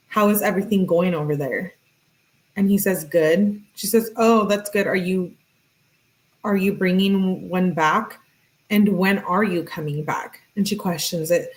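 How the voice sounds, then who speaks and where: A woman's voice: lowish voice, low-quality recording. A woman hosting her channel, reading text messages aloud in a plain voice and breaking off for casual asides. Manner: plain read-aloud delivery broken by offhand asides. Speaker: channel host.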